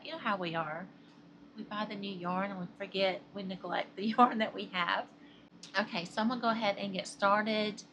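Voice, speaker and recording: A medium-pitched middle-aged woman with a Southern American accent chats and rambles in a crochet vlog, laughing often as she talks to viewers. She's from the Southern United States, and the background is noisy.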